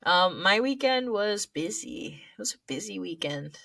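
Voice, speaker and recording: A young woman co-hosting a casual podcast chat, playful and quick to laugh. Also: mid-range voice, lively intonation, creaky, a bit bright, no echo. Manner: laughs often, chatty and playful. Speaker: podcast co-host.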